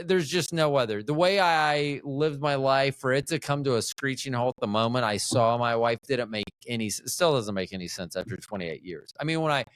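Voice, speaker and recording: A man's voice: medium pitch, clean tone, dry recording, clean studio sound. A middle-aged American man hosting a casual interview, thinking aloud and rambling with frequent restarts. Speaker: podcast host.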